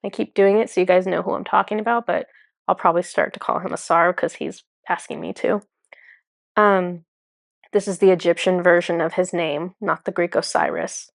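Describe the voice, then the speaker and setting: A woman's voice: lowish voice, steady tone, moderate pace, creaky, no room sound, clean studio sound. A woman speaking as a spiritual channeler in a casual, enthusiastic monologue full of fillers. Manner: chatty, filler-heavy, enthusiastic.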